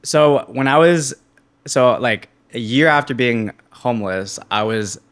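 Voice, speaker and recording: Young guy telling a wild story on a podcast, keeps doing voices for people, mid pitch. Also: measured pace. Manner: animated, acts out quoted voices. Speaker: guest. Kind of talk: casual storytelling in a podcast interview.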